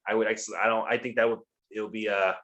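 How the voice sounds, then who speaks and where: A man's voice: on the low side, level tone, very fast, sharp tone, highs cut off. A man co-hosting a casual show, recapping wrestling in a profane, rambling way. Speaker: podcast co-host.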